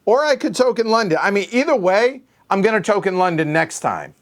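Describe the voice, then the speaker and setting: A man's voice: sits high, big pitch swings, brisk. Man muttering counts to himself. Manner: muttering counts under his breath while working out moves. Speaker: board game host. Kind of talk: thinking aloud during a solo board game play-through.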